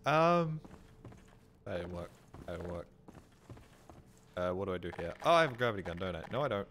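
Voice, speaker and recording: A man's voice: low voice, very animated, fairly quick, a bit bright. A man streaming a video game live, talking through his play with jokes, curses and startled yelps. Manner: jokey, swears often, yelps when startled. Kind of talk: live gameplay commentary. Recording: game gunfire noise under voice. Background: video game gunfire and clicks.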